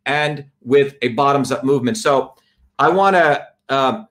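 A man's voice: medium pitch, measured pace, a bit bright. A man giving an impassioned political talk to a live audience, emphatic and repetitive, building his points with lists. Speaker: speaker addressing a live audience.

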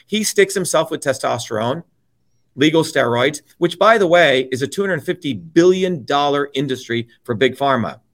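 A man who is a guest on an interview show, delivering a heated political rant that is profane, forceful and repetitive. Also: on the high side, animated, moderate pace.

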